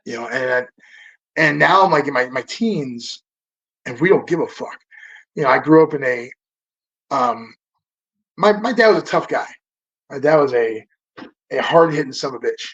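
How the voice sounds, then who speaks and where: A man in his fifties tells stories as a podcast guest, rambling along with plenty of swearing, false starts and fillers. His voice sits a bit high for a man. The recording sounds dull and lo-fi. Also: slightly rough. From Southern California. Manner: rambling and profane, full of fillers and restarts. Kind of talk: casual storytelling interview. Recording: dull lo-fi audio.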